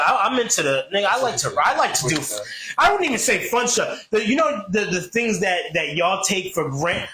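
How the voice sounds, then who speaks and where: A man hosting a casual comedic podcast, telling a story with loud rants and low mutters. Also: echoey room. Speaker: podcast host.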